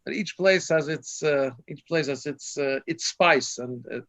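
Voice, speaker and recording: A man's voice: on the high side, measured pace, fairly bright tone. A man in his fifties, a rabbi, telling anecdotes in a rambling storytelling way, with many restarts and self-corrections, on a video call. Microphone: video call microphone. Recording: dull lo-fi video call audio.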